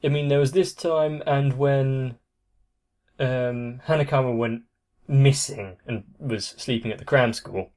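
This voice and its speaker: A man's voice: medium pitch, unhurried, darkish tone. A young man hosting an anime reaction channel, giving casual, thoughtful commentary that trails off at the ends of phrases.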